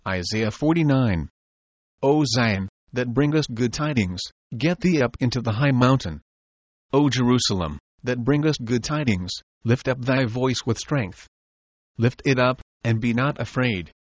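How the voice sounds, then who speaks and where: A man's voice: mid-range voice, animated, unhurried, no echo, highs cut off. Man reading an old sermon text. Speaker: reader of an old religious treatise.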